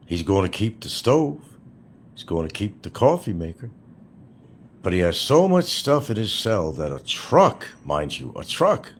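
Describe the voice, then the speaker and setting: Low-voiced sarcastic ranting man. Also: a little hiss or hum. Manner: sarcastic, hammering repetition. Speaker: YouTube commentator. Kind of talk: ranting commentary.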